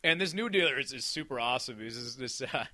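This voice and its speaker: A man telling a long anecdote in casual chat, animated and acting out the people he quotes. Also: medium pitch, fast, dry recording.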